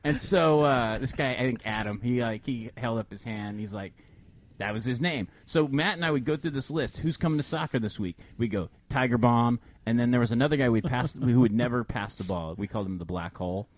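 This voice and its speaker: A man co-hosting a casual show, telling an animated story and acting out quotes with frequent laughter. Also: medium pitch, brisk. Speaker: podcast co-host.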